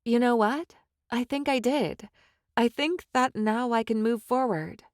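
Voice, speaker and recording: A woman's voice: on the high side, measured pace, no echo, clean studio sound, voice pushed up, close to an everyday voice. A woman voicing a fiery young witch in an audiobook, speaking in heated, emphatic outbursts. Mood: spirited.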